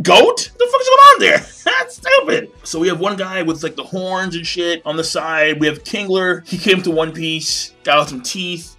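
A man hosting a casual live manga reaction. He reads aloud and talks excitably, swears a lot and laughs often. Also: on the high side.

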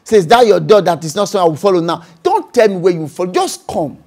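A man's voice: high-pitched, very animated, fairly quick, a little mellow. A man with a Nigerian accent, a pastor preaching a sermon and acting out voices and speaking in tongues.

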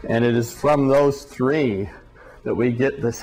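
Male lecturer, university physics class, halting deliberate delivery, repeats words, dry sarcasm, mid-range voice. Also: mid-range voice, darkish tone.

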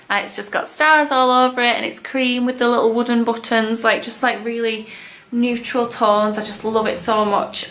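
This young vlogger talks through her baby clothes haul in a chatty, gushing way, with plenty of likes and ums. Her voice leans high and a bit bright, and the room is echoey.

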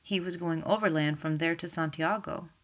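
A woman's voice: steady tone, moderate pace, natural voice. A woman voicing a proud composed widow. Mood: restrained. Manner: low, restrained tone.

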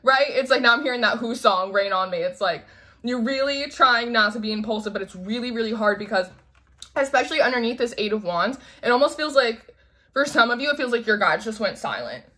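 A woman giving a casual tarot reading in a chatty, animated way, acting out quoted voices and laughing often. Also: a little high, fairly quick. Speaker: tarot reader.

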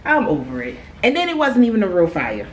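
A young woman chatting casually on her vlog, talking fast and heated, swearing freely as she vents. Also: mid-range voice, a little hiss or hum. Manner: animated, exasperated, swears freely. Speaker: vlogger. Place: hotel room at night.

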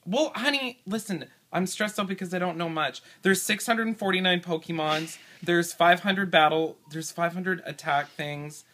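A man with a high, bright, sharp-edged voice rambles through a quiz on a home video. He sounds flustered and exasperated and swears freely. He is picked up by a camera his partner is holding. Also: moderate pace, hardly any pauses. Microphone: camera held by partner.

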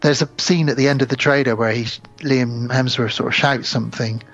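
A man's voice: mid-range voice, steady tone, fairly quick, fairly bright tone, highs cut off, soft background music. A man co-hosting a podcast, retelling a film's plot in casual chat and acting out the characters' lines. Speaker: podcast co-host. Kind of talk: casual film recap chat.

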